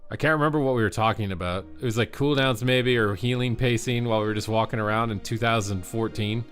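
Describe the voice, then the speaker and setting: Male streamer-commentator, worn out, fast game calls, casual chat. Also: lowish voice, soft background music. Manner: quick play-by-play, rising excitement on big plays. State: tired, yawning.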